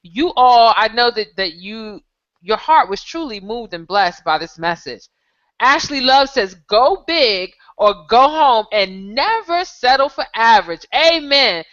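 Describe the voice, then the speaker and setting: A woman hosting a live online show, exclaiming with excitement and reading viewer comments aloud. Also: a little high, unhurried. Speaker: show host. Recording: dull lo-fi sound.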